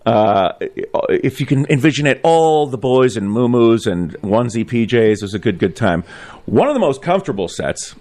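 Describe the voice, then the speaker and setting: Male radio co-host, casual and jokey, mid-pitched voice; banter delivery. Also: sing-song, moderate pace, darkish tone. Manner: joking, riffs with mock voices.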